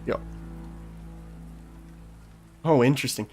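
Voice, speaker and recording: A man's voice: medium pitch, takes it slowly, a little mellow, soft background music. Laid-back man playing a game. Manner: laid-back, chuckling, reads dialogue aloud. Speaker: streamer. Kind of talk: casual let's-play commentary.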